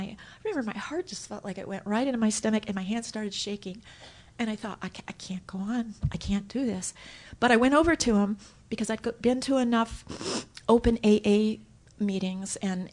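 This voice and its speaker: A woman giving a personal story share at a recovery meeting, animated and acting out her own thoughts as she tells it. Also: mid-range voice. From Southern California. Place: hotel conference room.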